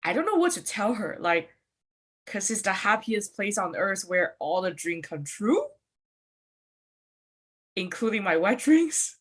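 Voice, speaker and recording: A young woman from Canada works a comedy stage with a handheld mic. She talks slowly and deliberately, yet her pitch swings widely, leaping into high outbursts as she tells playful stories. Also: sing-song, fairly bright tone, husky. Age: young adult. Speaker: stand-up comic. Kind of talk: live stand-up set.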